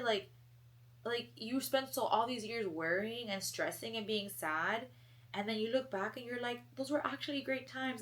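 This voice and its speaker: A young woman hosting a podcast alone, talking casually and chattily with many fillers. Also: medium pitch. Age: young adult. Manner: chatty, filler-heavy, animated storytelling. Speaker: podcast host. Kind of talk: casual solo chat.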